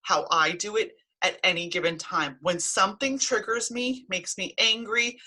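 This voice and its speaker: Blunt, emphatic woman with a bright, husky voice. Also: medium pitch, normal speed. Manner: blunt and emphatic, swears freely. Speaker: healing practitioner and coach. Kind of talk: motivational talk to camera.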